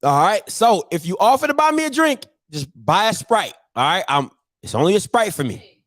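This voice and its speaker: Man in his thirties, casual sports talk host, swinging pitch, dry close sound. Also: normal speed, dry recording. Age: 30s. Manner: animated ranting, mocking old-timers in loud put-on voices. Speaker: show host. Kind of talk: casual sports chat to camera.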